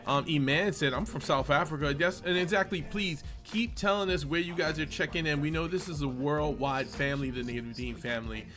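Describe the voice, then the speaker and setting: A man hosts a laid-back livestream, greeting viewers by name and reading out where they are tuning in from. His voice sits a little high. Faint music plays behind him. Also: a little fast, few pauses. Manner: reads out viewer check-ins, relaxed, with fillers. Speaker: host of a group livestream. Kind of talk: casual livestream chat.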